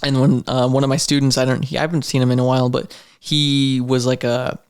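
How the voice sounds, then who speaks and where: A man from Idaho who fights amateur mixed martial arts talks at a brisk clip in a relaxed podcast chat. He rambles through his stories and leans heavily on "like." His voice sits at an ordinary male pitch. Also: clear, resonant tone. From Idaho, USA. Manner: rambling storyteller, heavy use of "like". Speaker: amateur MMA fighter guest.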